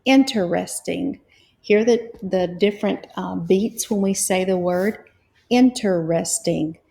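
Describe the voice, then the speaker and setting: A woman reading teacher leading a phonics lesson, spelling out letters and sounding out syllables slowly and patiently. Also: mid-range voice, steady tone, dark tone. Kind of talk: slow, clear phonics lesson.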